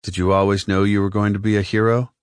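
A man's voice: level tone, fast, clean tone, no echo, clean studio sound, close to an everyday voice. A man voicing a nervous young male recruit who stammers when flustered, in an audiobook. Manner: stammering, flustered, rising pitch. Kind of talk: audiobook character voice.

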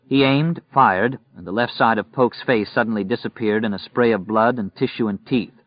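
Low-voiced man narrating steadily. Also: moderate pace, dry recording. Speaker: audiobook narrator. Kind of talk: scripted narration. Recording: dry, muffled recording.

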